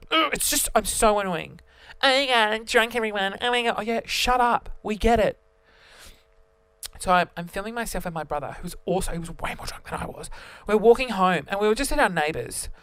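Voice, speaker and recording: A young man telling a story to camera as a vlogger, animated and theatrical, jumping between voices. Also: high voice, clean tone, dry recording.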